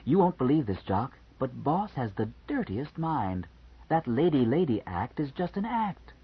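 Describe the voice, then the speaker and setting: A man's voice: medium pitch, big pitch swings, unhurried, breathy edge, voice pushed up, exaggerated voice. A man voicing a teasing, flirty woman. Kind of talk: audiobook character voice. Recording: slightly muffled lo-fi recording.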